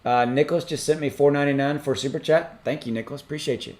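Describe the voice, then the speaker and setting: A man hosting a crypto livestream from a home setup, reading out viewer messages in a rambling, halting way with many ums and restarts. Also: on the high side, fairly even intonation, darkish tone. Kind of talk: casual livestream chat reading super chats.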